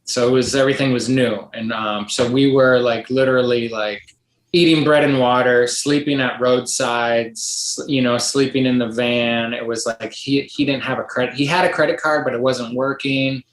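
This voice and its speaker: A man's voice: mid-range voice, steady tone, moderate pace. A middle-aged man, a podcast guest, telling a long story in a rambling casual way, full of likes and ums, acting out the voices of others. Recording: roomy echo.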